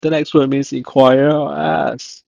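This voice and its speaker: A man teaching vocabulary in a slow, measured way, saying each word and then repeating it. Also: a little high, level tone, gravelly, a little mellow, dry recording, muffled recording. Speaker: language teacher.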